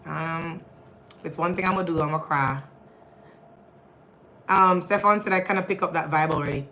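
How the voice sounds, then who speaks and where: A woman's voice: fairly low pitch, sharp tone, slight background noise, rough recording. A young woman hosting a casual livestream, chatting with viewers and reading their comments, laughing often and calling her audience y'all. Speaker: livestream host.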